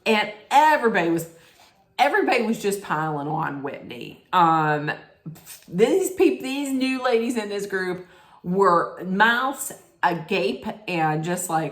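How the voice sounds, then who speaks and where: A woman's voice: mid-range voice, animated, unhurried. A woman giving a rambling, blunt casual rant as a reality TV recap vlogger, swearing freely. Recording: roomy echo.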